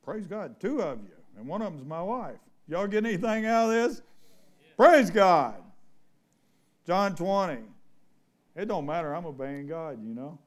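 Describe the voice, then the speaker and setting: A man's voice: high voice, expressive, measured pace. A man preaching an informal sermon to a small church, reading scripture and asking the congregation questions in a folksy, conversational way. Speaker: pastor.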